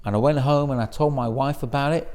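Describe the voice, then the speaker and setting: A middle-aged man, a rabbi, telling a story in a sermon and acting out the voices of the people in it. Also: quick pace. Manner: animated storyteller, acts out quoted voices in a higher pitch. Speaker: rabbi giving a Torah talk.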